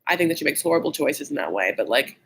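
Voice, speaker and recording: A man's voice: very animated, fast talker, a bit bright, slight background noise, poor audio. A man hosting a casual, gossipy recap of a TV show, blunt and opinionated, saying "like" constantly. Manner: catty, blunt and opinionated, heavy use of "like"; shifts pitch often when worked up.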